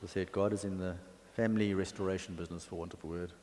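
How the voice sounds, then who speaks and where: A man's voice: deep voice, fairly even intonation, racing, a little mellow. A man preaching a sermon in a conversational, chatty way, with asides and fillers. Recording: long hall reverb.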